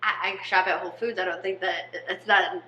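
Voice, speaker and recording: Podcast co-host: relaxed, playful woman, casual banter, echoey room with light hiss. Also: fairly low pitch, fairly quick. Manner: laid-back, playful banter. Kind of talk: casual comedic chat. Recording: echoey room with faint noise.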